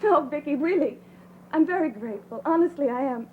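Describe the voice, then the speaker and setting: A woman's voice: high voice, lively intonation, slight background noise. An actress playing a frightened young woman who stammers and begs not to be left alone. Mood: anxious. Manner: halting, pleading, stammering. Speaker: frightened patient in bed. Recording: dull, phone-like lo-fi sound with music.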